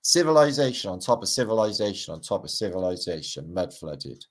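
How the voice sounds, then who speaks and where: A man's voice: deep voice, big pitch swings, a little fast. A middle-aged Welsh man hosting a livestream, rambling casually over pictures with wry asides and casual swearing. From Wales. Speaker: livestream host.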